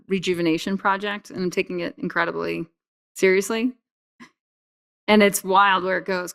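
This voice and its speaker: A woman's voice: mid-range voice, clean tone. Enthusiastic woman podcast guest. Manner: animated, enthusiastic, jokey. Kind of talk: casual podcast chat.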